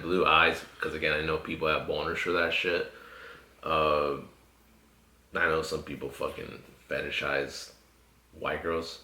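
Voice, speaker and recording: A man's voice: deep voice, bright, forceful tone, roomy sound. A man hosting a podcast, telling stories in a laid-back, profane way with lots of fillers. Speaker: podcast host. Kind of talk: casual podcast chat.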